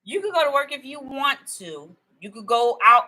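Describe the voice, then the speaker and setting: A woman in a casual, rambling monologue to her viewers, animated and emphatic, often repeating herself. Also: sits high, moderate pace, low-quality recording. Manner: animated and excitable, laughing and emphatic; rambling storytelling with repetition. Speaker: video host.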